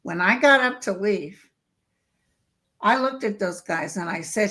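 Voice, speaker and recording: A woman guest telling stories in casual chat, lively and acting out the voices of people she quotes. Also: mid-range voice, a little slow, pauses often. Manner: lively storyteller who acts out quoted voices.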